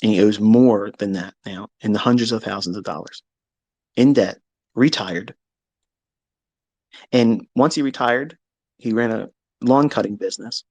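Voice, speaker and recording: A man, a trading educator, telling a candid personal story in a blunt, profane, animated way. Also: fairly low pitch, unhurried, long pauses, husky, no echo, rough recording.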